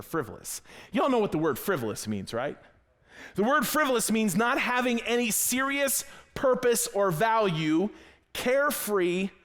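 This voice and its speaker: A male pastor delivering a sermon with a fairly high voice that jumps all over the place. He tells stories in a chatty, conversational way and acts out every line of dialogue. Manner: storytelling with animated quoted dialogue, conversational. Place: church sanctuary.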